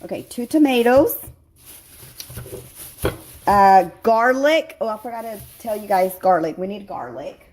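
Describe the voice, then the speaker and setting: A woman's voice: medium pitch, lively intonation, unhurried, pauses often, darkish tone, slight background noise. A woman chatting her way through a home cooking tutorial in her kitchen, rambling with lots of fillers and self-corrections, teary from cutting onions. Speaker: cooking vlogger.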